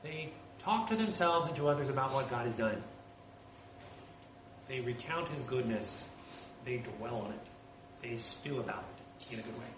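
A man's voice: mid-range voice, lively intonation, normal speed, pauses often. Earnest male preacher in a roomy space. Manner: earnest, conversational, rising emphasis on key points. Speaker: pastor. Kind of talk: sermon. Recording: roomy with background noise.

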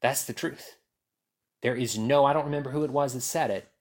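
A man preaching a sermon, acting out quoted voices and dropping to a hush at key lines. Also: mid-range voice, fairly quick. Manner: animated, acts out quotes and swings from loud to hushed. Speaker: pastor.

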